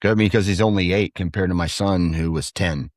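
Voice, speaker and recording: A man's voice: low-pitched, brisk, dry recording, clean studio sound. A man in his thirties, a podcast guest and hunter, telling rambling stories about his kids in casual chat. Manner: rambling, animated when quoting his kids.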